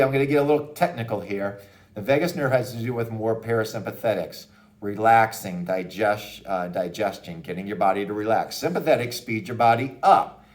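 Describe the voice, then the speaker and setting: Casting: male doctor, low-ish voice, easygoing parent-advice explainer talking to camera. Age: adult parent of a young child. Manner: casual and upbeat, with frequent "okay?" and "hey" asides. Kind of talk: educational talk to camera.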